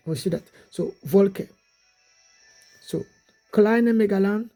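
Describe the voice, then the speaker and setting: A preacher giving a rambling exhortation, repeating "you see" and slowly listing names one after another. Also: mid-range voice, warm tone, faint music behind. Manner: repetitive, prodding with "you see"; slow, drawn-out listing of names.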